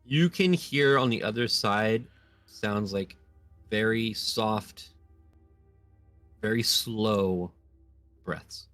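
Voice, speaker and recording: A man running a tabletop game, describing scenes in a relaxed, loose way with many fillers. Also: on the low side, extremely slow, long pauses, dry recording, faint music behind. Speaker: game master.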